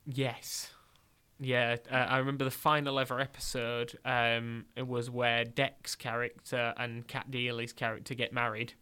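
A young man with a Northern English accent hosting a radio show, chatting excitedly and restarting his sentences often. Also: mid-range voice, measured pace, clean tone. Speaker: radio host. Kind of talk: casual radio chat.

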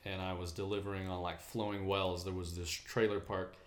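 A man casually telling profane, animated stories about delivering mail, acting out the voices of the people in them. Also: low voice, a little fast, echoey room. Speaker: mail carrier. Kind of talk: casual storytelling chat.

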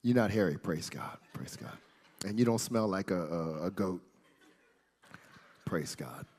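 A man preaching an animated storytelling sermon, with playful asides, who builds up to shouting. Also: deep voice, measured pace, husky, in a large hall.

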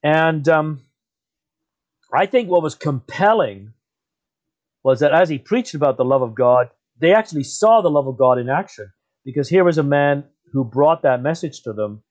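A man guest explaining history in a thoughtful conversational way, often pausing to correct himself. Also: animated, darkish tone. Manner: thoughtful, self-correcting, wide-ranging pitch. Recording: slightly dull muffled audio.

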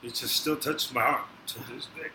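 A man's voice: mid-range voice, fairly even intonation, moderate pace, sharp tone. A man, a podcast guest, telling his story in casual, emotional street slang. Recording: echoey room, faint noise.

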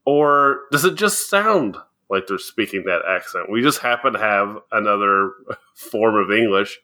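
A man's voice: lowish voice, expressive, a little slow, bright, forceful tone. A man co-hosting a casual podcast chat, explaining things and often laughing as he goes. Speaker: podcast co-host.

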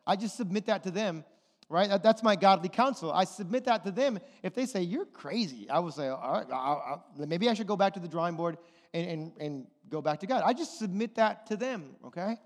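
A man with a high voice preaches a sermon in an animated storytelling style, acting out the people in his story. His voice rings with a long reverb, as in a large hall. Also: a little fast. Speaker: pastor.

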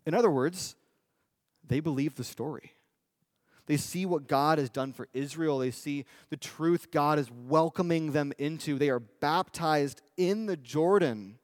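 A male preacher giving a sermon in a conversational style, often asking the audience "right?" and slowing down for emphasis. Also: on the high side, a little mellow, no echo, clean studio sound. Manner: conversational, with tag questions and emphatic slowdowns.

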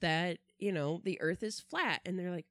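A woman's voice: lowish voice, moderate pace, fairly bright tone, no room sound. A woman in her thirties, a librarian co-hosting a podcast, telling stories in casual chat with fillers. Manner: storytelling, hesitant with fillers.

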